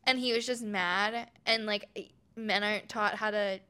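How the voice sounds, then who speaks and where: A woman's voice: medium pitch, unhurried, clean tone. A woman in her twenties from Oregon, telling a personal story frankly and animatedly as a podcast guest. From Oregon, USA. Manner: frank, animated, drops into quoted voices.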